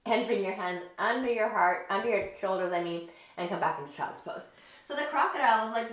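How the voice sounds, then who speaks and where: Gentle, playful kids yoga teacher. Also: female voice, medium pitch, a little fast. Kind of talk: guided yoga story for children. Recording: echoey room, distant mic.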